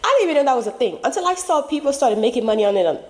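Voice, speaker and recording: A woman's voice: sits high, big pitch swings, very fast. Chatty woman host in a reverberant hall. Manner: chatty, rambling, emphatic. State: losing her voice. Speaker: channel host. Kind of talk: casual commentary.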